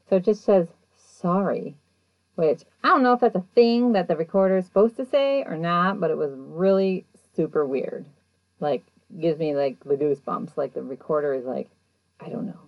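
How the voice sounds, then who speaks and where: A woman casually retelling events in a chatty, animated way, acting out what people said. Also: lowish voice, no room sound, muffled recording. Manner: chatty, animated, acts out quotes. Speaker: show recapper. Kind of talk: casual storytelling recap.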